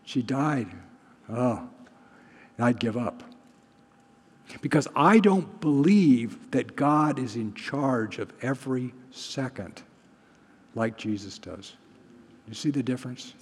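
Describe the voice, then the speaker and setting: A male pastor preaching in a relaxed, conversational way and often putting questions to his listeners. His voice is a little husky, with a long reverb trailing after his words as in a large hall. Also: medium pitch, slow. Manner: conversational, asks the congregation questions. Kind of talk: sermon.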